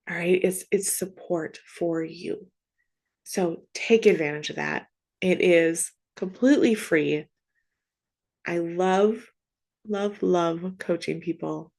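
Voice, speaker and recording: A woman working as a Catholic grief coach, speaking in an earnest, gentle way, often asking "right?". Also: lowish voice, slow pace, vocal fry. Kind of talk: heartfelt faith monologue.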